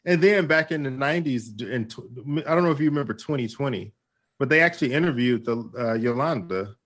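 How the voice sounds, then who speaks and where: A man co-hosting a casual podcast, relaxed and conversational, saying "you know" a lot. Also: mid-range voice, fast. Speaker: podcast co-host. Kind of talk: casual chat.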